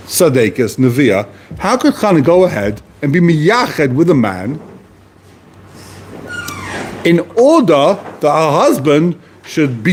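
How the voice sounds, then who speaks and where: A man lecturing on a classic text in a lively, question-driven way. His voice sits a bit high and is husky, and it leaps up and down as he presses a point. He often repeats key phrases and restarts sentences as he builds an argument. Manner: poses questions to the listener and answers them. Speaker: Talmud teacher.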